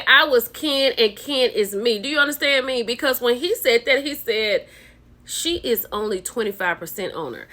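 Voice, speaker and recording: Gossipy woman recapping a show. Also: medium pitch. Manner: animated and gossipy, keeps saying "child" and "baby". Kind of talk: casual reality-show recap commentary.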